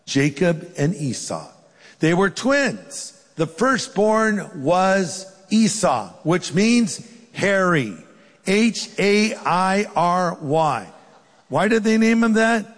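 A pastor delivers a sermon, his voice a touch higher than most men's. He tells the story with relish and slips into the characters' voices. A long reverb trails his words, as in a large hall.

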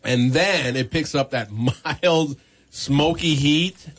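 A man's voice: a little high, slow pace, fairly bright tone. A man hosting a morning radio show, chatty and upbeat, often laughing. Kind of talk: casual radio banter. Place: radio studio.

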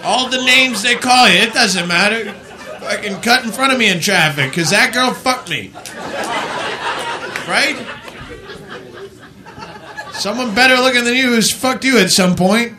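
A man's voice: extremely high pitch, a little slow, pauses often, sharp tone. A man doing crude, blunt stand-up comedy, laughing often. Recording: live audience in a comedy club. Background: crowd laughter.

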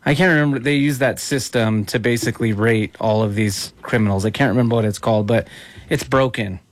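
A man's voice: mid-range voice, brisk, no echo. A man hosting an interview, chatting in a casual, agreeable way. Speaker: interview host. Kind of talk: conversational interview.

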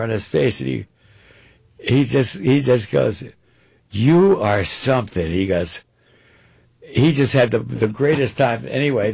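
A man telling a long anecdote on a radio show in an animated, rambling way, often repeating words. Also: mid-range voice, gravelly, slightly rough. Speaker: guest storyteller.

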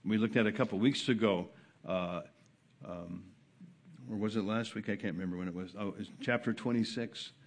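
A man preaching a sermon at a church service. He drops to a quiet, low murmur, then rises high and loud, and repeats words to drive each point home. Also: normal speed. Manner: impassioned preaching, swings from soft to loud, repeats phrases for emphasis. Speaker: pastor.

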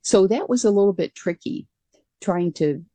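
A woman's voice: medium pitch, lively intonation, moderate pace, mellow, dry recording. A woman guest being interviewed about her years as a pilot, speaking earnestly and conversationally with frequent restarts. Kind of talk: conversational storytelling.

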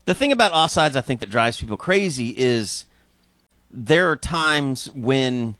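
A man's voice: mid-range voice, lively intonation, measured pace, a bit bright, no room sound. A man from Scotland co-hosting a casual talk show, giving thoughtful, rambling opinions. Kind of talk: casual chat.

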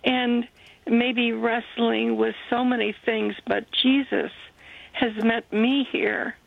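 A woman calling in to a Christian radio show, earnest and grateful, speaking haltingly. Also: a little high, flat delivery, vocal fry, dry recording. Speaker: caller. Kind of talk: phone call to a radio show. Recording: tinny phone line.

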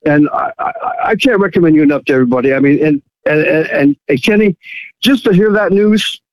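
A man's voice: on the high side, brisk, no room sound, rough recording. A man calling in to a radio show, effusive and stammering, repeating himself. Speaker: caller. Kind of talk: phoned-in radio call.

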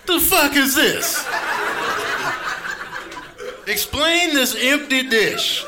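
An indignant, demanding house cat who complains loudly about an empty dish, voiced by a male comic. The live recording is noisy. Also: extremely high pitch, lively intonation, very slow, pitched above the performer's own voice, exaggerated voice.

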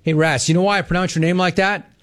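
A middle-aged man hosts a live call-in show, reading out viewer messages and ribbing the senders. His voice sits a little high for a man, and his delivery is brash and jokey. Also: steady tone, fast talker. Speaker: talk show host.

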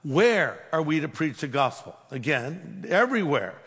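A man's voice: on the high side, very animated, moderate pace, fairly bright tone, slightly rough. A man who is a pastor, preaching a sermon with emphatic delivery and humorous storytelling. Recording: long hall reverb.

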